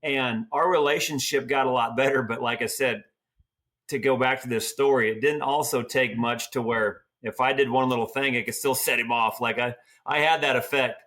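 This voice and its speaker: A man's voice: medium pitch, moderate pace. Folksy middle-aged guy from oregon telling ranch stories, easygoing. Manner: folksy, animated storyteller acting out quotes. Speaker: guest, team roper and trainer. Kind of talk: casual storytelling.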